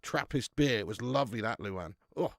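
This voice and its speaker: A man's voice: medium pitch, expressive, normal speed, creaky, no echo, studio quality. A man, hosting a casual live stream and bantering with viewers in a chatty, matey way, laughing often.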